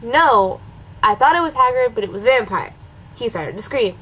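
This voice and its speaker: A woman's voice: on the high side, lively intonation, moderate pace, pushed and bright, a little hiss or hum, low-quality recording. A woman doing a comedic dramatic reading of a bad story, breaking off for sarcastic asides. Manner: sarcastic, mocking, switches between reading and snarky asides. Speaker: reaction video host.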